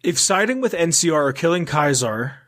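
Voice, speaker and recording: A man's voice: fairly high pitch, big pitch swings, a little fast, fairly bright tone. A man hosting a casual podcast, reading notes aloud and breaking off for offhand, sometimes profane asides. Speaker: podcast host.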